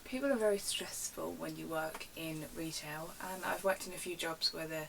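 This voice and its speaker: A woman's voice: deep voice, moderate pace, vocal fry, far from the mic, a little hiss or hum, rough recording. Chatty woman telling retail stories. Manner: chatty, animated retelling with acted-out quotes. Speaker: vlogger. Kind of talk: casual storytime rant. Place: bedroom at home.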